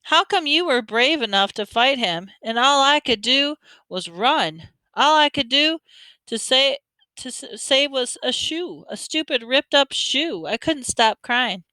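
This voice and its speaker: Woman doing a weepy stammery little boy, high bright voice, dry close sound. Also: lively intonation, no echo. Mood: pleading. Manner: halting, stammering. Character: young boy, shy, ashamed and weepy.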